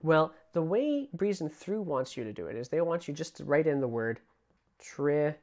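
A man teaching a casual online music theory lesson, relaxed and chatty, singing rhythms aloud as he explains them. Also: on the high side, moderate pace.

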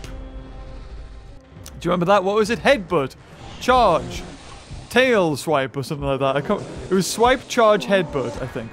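A man commenting on a mobile game as he plays, thinking aloud and breaking into excited shouts. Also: sits high, normal speed, long pauses, faint music behind. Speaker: gaming YouTuber.

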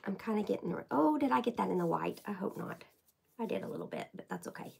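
A woman's voice: medium pitch, animated, a little fast, gravelly, breathy edge, rough recording. A woman hosting a casual live craft stream, chatting to viewers by name while she paints. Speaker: craft livestream host.

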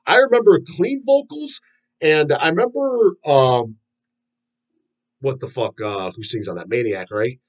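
A man's voice: a little high, animated, unhurried, dull audio. A man casually ranting and telling rambling, profane stories, full of fillers and restarts. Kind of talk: casual rant about metal.

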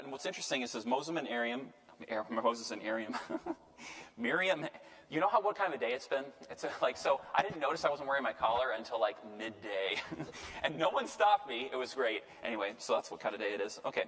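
Male priest, mid-pitched, playful Bible teacher, heard with long hall reverb. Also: fairly quick. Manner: lively and joking, tags lines with "right?" and acts out quotes. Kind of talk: casual Bible lecture.

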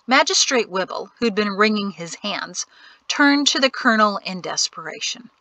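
Woman reading an audiobook, bright voice, dry close mic. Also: mid-range voice, animated, normal speed, no echo, poor audio. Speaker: audiobook narrator. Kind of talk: scripted narration.

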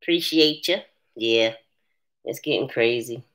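A woman hosting a casual live chat, answering viewers' comments in an animated way and laughing often. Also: rumbling low, measured pace. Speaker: live stream host.

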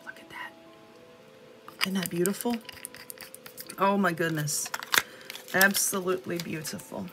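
A woman with a Southern US accent chatting excitedly to viewers as she unboxes nail art supplies, gushing over each item. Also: on the low side, a little slow, over loud music. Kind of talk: casual unboxing chat.

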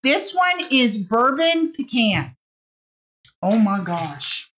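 A woman hosts a casual live shopping stream, chatting upbeat and loose with plenty of fillers and restarts. Her voice sits a little high. A faint hiss runs underneath. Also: very animated, slow pace, a bit bright. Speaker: live sale host.

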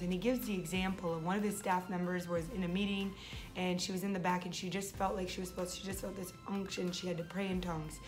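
A young woman hosting her faith vlog, talking casually and eagerly, often restarting her phrases. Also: on the low side. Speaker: vlog host.

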